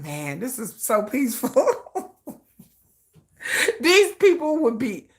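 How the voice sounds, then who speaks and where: A woman's voice: mid-range voice, bright, forceful tone. A middle-aged woman from the United States hosting a livestream, ranting emphatically and profanely with lots of repetition. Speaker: livestream host. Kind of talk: casual livestream rant.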